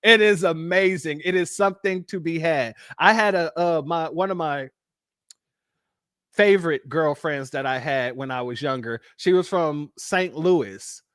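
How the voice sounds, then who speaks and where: A high-voiced man from Los Angeles talks casually to his livestream audience. He is animated and often jumps into an even higher, playful voice to quote people. The sound is dry and close to the microphone. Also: no echo. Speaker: livestream host.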